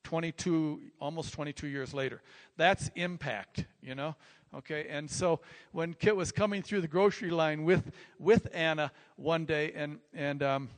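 Older male pastor, higher pitch, rambling storyteller, long hall reverb. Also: moderate pace. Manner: rambling, repeats words, animated when telling stories. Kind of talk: sermon-style personal storytelling.

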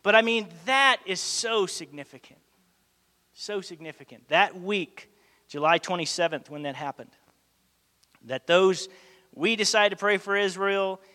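A man's voice: high voice, unhurried. A man preaching a sermon, telling a story animatedly and acting out the dialogue. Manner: animated, acts out quoted dialogue. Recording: long hall reverb.

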